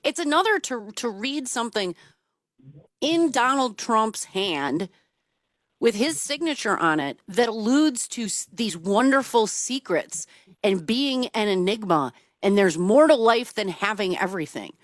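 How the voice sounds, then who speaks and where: A woman's voice: a little high, sing-song, unhurried, dry recording, clean studio sound. Emphatic female call-in show host. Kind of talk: call-in radio commentary.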